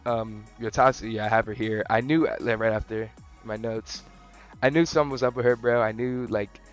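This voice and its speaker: A young man casually rambling through an anime review, slangy, profane and excitable. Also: lowish voice, moderate pace, soft background music. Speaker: anime vlogger.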